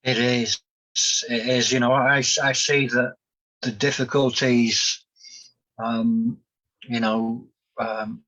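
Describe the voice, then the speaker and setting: A man's voice: medium pitch, fairly bright tone. Hesitant man on dull lo-fi audio. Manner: hesitant, many ums. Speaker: host. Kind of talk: candid podcast chat.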